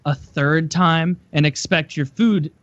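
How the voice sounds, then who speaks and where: A man's voice: fairly high pitch, slow, fairly bright tone, dry recording. A man co-hosting a podcast who chats casually, laughs a lot and cracks crude jokes. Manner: laughs often, crude wisecracks. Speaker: podcast co-host. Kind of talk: casual chat. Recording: dry, dull lo-fi podcast audio.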